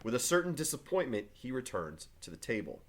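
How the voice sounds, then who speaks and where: Man reading stage directions with a varied pitch. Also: big pitch swings, fairly quick. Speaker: teacher.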